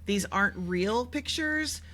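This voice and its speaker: A woman's voice: mid-range voice, lively intonation, slow, a bit bright. A woman co-hosting a podcast, chatting casually about a TV show in a rambling way with lots of fillers and restarts. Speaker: podcast co-host. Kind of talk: casual TV recap chat.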